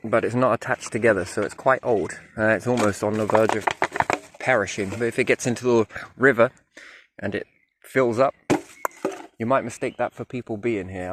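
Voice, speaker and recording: An Englishman muses aloud as he walks through riverside woods, his speech often sinking to quiet wondering asides. His voice sits on the low side. Faint birdsong carries behind him. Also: noisy background. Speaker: vlogger. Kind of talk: musing walking commentary.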